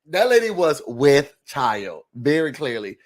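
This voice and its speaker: A man recapping a reality show in a sassy, animated rant, talking straight to his viewers from a room indoors. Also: medium pitch, a little slow. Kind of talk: casual rant-style recap.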